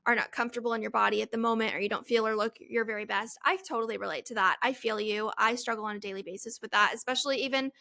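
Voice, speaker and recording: A woman's voice: on the high side, steady tone, quick pace, vocal fry, hardly any pauses, sharp tone. A woman in her twenties hosting a solo Q&A podcast, talking in a chatty, rambling way and laughing at herself. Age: 20s. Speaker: podcast host. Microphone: headphones, studio-style mic.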